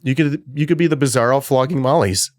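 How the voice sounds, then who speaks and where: A man's voice: medium pitch, fast talker, no room sound, studio quality. A man hosting a casual interview chat, laid-back and jokey, with swearing. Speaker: interview host.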